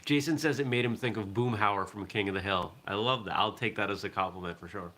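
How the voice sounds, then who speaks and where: A man from southern Maine hosts a relaxed morning stream. His voice sits fairly low but has a bright, forceful edge. He rambles easily and answers viewer comments as he goes. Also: fast. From southern Maine, USA. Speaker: host of a martial arts morning show. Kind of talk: casual live-stream chat.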